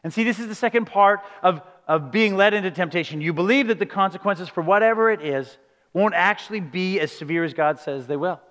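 A man's voice: sits high, fairly quick, a bit bright. A man preaching a sermon in an earnest style, asking rhetorical questions and building to emphatic points. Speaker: pastor. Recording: long hall reverb.

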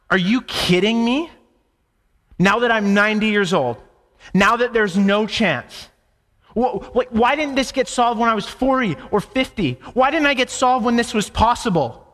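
Preacher putting on a bitter, sarcastic old woman, high and scoffing, echoey hall. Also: fairly bright tone. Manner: scoffing, exasperated, rapid.

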